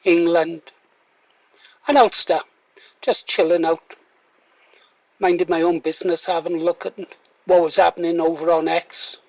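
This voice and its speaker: A man's voice: fairly high pitch, steady tone, measured pace, creaky, long pauses, a little mellow, no echo, poor audio. A man giving casual to-camera commentary, wry and mock-reluctant, then firmly emphatic. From Wales. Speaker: political video commentator.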